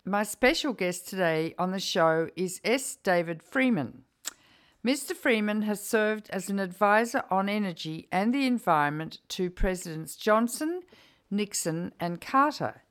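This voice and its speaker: An older woman hosting a radio interview program, speaking in an earnest, measured way. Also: mid-range voice. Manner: earnest, measured, re-enacts quotes. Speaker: radio show host.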